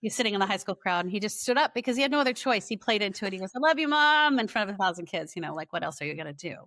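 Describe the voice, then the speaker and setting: A middle-aged woman, a guest author, telling lively stories in a casual podcast chat. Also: medium pitch, rapid-fire, no room sound. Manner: lively storyteller, animated quoting.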